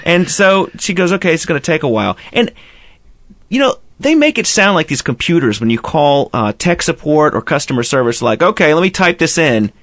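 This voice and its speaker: With a fairly high voice full of big pitch swings, a male radio host talks fairly quickly and brightly through a long, profane story. He acts out each side of a phone call in casual banter, and there's no room sound.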